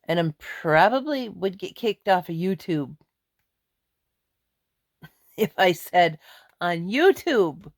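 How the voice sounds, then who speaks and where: A woman's voice: lowish voice, expressive, slow pace, pauses often, dry recording, clean studio sound. A middle-aged woman venting angrily in a vlog, blunt and emphatic. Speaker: vlogger. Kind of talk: angry ranting vlog.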